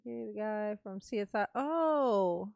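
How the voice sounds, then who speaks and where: A woman's voice: medium pitch, expressive, creaky, a little mellow, no echo, dull audio. A woman hosting a casual live stream, reading chat aloud, playful and laughing as she muses. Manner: playful, laughing, drawn-out musing. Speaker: livestream host reading chat.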